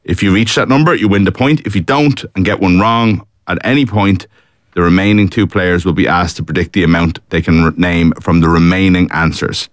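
A man with an Irish accent runs a studio quiz show, reading out introductions and rules with a wry, teasing edge. His voice sits very low, and the room around it is dry and close. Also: a little fast, no echo. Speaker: quizmaster host. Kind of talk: radio quiz hosting.

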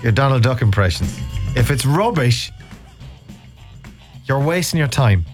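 A man's voice: medium pitch, expressive, unhurried, music in the background. A man hosting a radio show, rambling and self-mocking as he chats and bluntly teases callers. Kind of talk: casual radio chat.

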